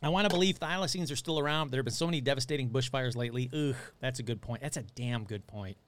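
A man's voice: medium pitch, quick pace, no room sound. A man hosting a casual live stream, chatting loosely, swearing and answering viewers' comments as he reads them. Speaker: livestream host.

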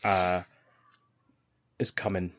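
A man telling a lively story in casual podcast chat, swearing freely and acting out other people's shouts. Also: low voice, extremely slow. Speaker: podcast co-host.

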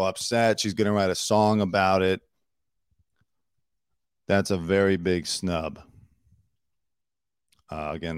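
A man's voice: deep voice, clean tone, no room sound, studio quality. A man hosting entertainment news commentary, delivering opinionated, snarky asides in a casual way with fillers and restarts.

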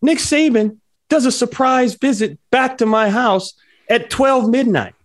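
A man chatting casually on a talk show, telling a lively story and voicing the people in it, often laughing. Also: very high voice, measured pace, no room sound, clean studio sound. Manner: animated storyteller, voices his characters, laughs often. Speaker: podcast co-host, former football player.

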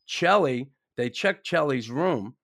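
Gravelly-voiced man hosting a podcast. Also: medium pitch, lively intonation, takes it slowly, a bit bright, dry recording, studio quality. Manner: emphatic, swearing, pointed questions. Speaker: podcast host. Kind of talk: casual chat.

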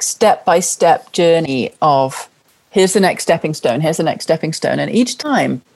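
A middle-aged woman, her voice sitting notably low. She speaks as an interview guest, recounting personal experience in an earnest, heartfelt way and returning to key phrases for emphasis. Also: a little mellow. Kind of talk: personal storytelling in conversation.

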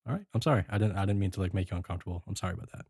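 A man hosting a casual podcast, retelling a film scene by scene and acting out the characters' lines in quick bursts. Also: deep voice, a little mellow, slightly rough, no echo, clean studio sound. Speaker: podcast host recapping a film. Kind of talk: casual chat.

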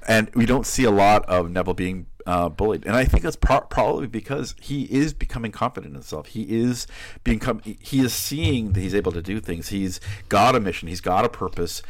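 A man co-hosts a casual book podcast, searching for words and restarting his sentences. His voice sits low, with a close, dry sound. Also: no room sound. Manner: halting, many restarts. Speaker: podcast co-host.

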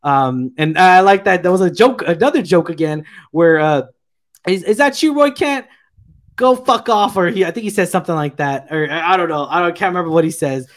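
Rambling man, a touch high-pitched. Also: fast talker, few pauses. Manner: rambling, filler-heavy, enthusiastic retelling. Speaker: podcast co-host reviewing a TV episode. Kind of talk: casual review chat.

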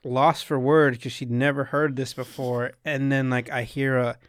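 A young man casually rambles through a long tale, cursing often and acting out the quotes. His mid-range voice is clear and resonant with little pitch movement and a normal speed, in a dry recording with clean studio sound.

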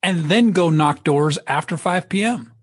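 A man's voice: on the high side, unhurried, husky, no room sound, studio quality. A man on a podcast, joking and laid-back in casual chat.

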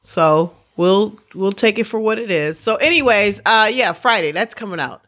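A chatty woman hosts a casual sports podcast, rambling and circling back on her thoughts. Her voice is bright and forward, and she sits at an ordinary middle pitch. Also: animated, moderate pace. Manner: rambling, chatty, restarts sentences. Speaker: podcast host.

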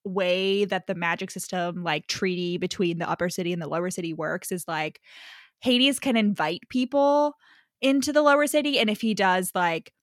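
A woman's voice: lowish voice, normal speed, dry recording. Chatty young woman, dry close sound. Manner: lively storytelling, heavy filler words, swears freely. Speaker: podcast co-host. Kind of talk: casual chat.

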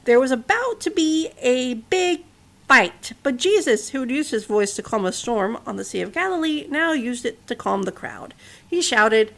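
A woman's voice: high-pitched, lively intonation, moderate pace, vocal fry, a bit bright. A woman hosting a podcast, telling a story in a casual narration with chatty asides to the listener.

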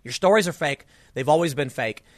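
Frustration pours out of this man's solo political commentary, which he delivers animatedly and a little fast, tripping over restarts as he rants. His slightly high male voice is captured close up in a dry recording without any room sound.

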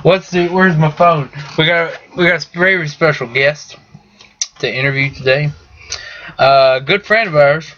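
A man's voice: on the high side, a little slow, bright, forceful tone. A man hosting a casual podcast, who rambles, jokes, and trails off with fillers. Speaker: podcast host. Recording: slightly muffled podcast audio, faint noise.

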